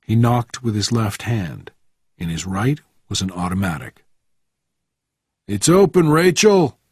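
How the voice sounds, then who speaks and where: A man narrates a thriller story slowly, with a husky, low voice that rises and falls a lot. He reads with clear expression, close and dry. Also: no room sound. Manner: slow, expressive reading. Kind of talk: scripted narration for English learners.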